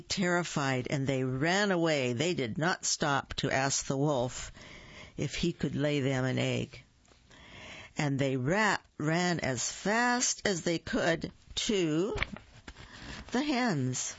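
A woman reading picture books aloud to children, slow and gentle, asking her listeners questions. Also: deep voice, animated, no room sound. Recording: dull lo-fi dry recording.

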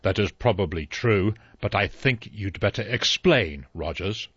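A dry, authoritative elderly judge, measured and precise, as a male narrator voices him in a low register. The delivery is cool and deliberate, and the recording is dry and slightly muffled. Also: lively intonation, fairly bright tone, breathy edge, no echo, exaggerated voice.

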